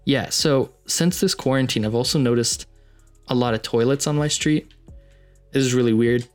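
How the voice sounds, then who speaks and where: A man's voice: medium pitch, normal speed, smooth, faint music behind. A young man hosting a podcast, telling a story casually with rambling asides and lots of fillers. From Canada, Ontario. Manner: rambling, filler-heavy, animated retelling. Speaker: podcast host.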